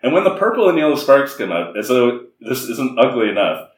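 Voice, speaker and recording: A man's voice: medium pitch, sing-song, brisk. A man co-hosting a comedy podcast, reviewing a bad film with profane, mocking energy and acted-out bits. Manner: profane, mocking, acts out scenes in voices. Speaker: podcast co-host. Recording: roomy echo, a bit off-mic.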